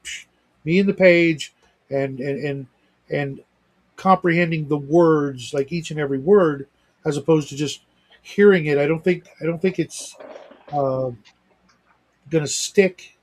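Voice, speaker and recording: Chatting casually as a livestream host, this man rambles with many restarts and asides. His voice is a little high, his pace a bit slow, and he leaves long pauses.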